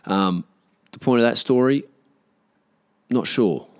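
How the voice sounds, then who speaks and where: A man's voice: mid-range voice, slow, clean tone, no room sound, studio quality. A man talking loosely to camera in a casual vlog, rambling with slang and restarts. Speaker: vlogger.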